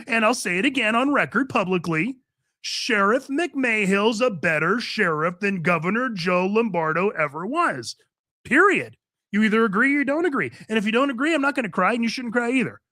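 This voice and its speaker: A man's voice: high-pitched, animated, normal speed, pushed and bright, no room sound. A man hosting a talk radio show from a studio, delivering an emphatic, opinionated monologue and repeating his points. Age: older. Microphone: studio microphone.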